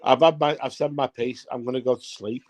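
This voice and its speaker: Husky man, emphatic. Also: mid-range voice, fairly even intonation, fairly quick, a little mellow. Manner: emphatic, repeats himself. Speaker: guest pundit. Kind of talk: casual football chat.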